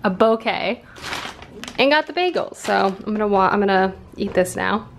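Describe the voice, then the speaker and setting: A young woman chats to her camera at home in an upbeat, rambling way, full of fillers. Her voice sits at a middle pitch. A faint hum of noise runs underneath. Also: animated, normal speed, creaky. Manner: chatty, upbeat, filler-heavy. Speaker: booktube vlogger. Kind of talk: casual vlog chat.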